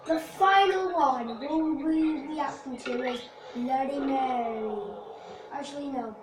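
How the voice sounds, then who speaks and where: A woman with a high voice who talks slowly while hosting a reaction video. She chats loosely and breaks in with quick reactions. She sounds far from the mic in a roomy space with a hiss of noise. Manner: chatty, interjecting with short reactions. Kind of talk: casual reaction commentary. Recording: roomy, distant, noisy.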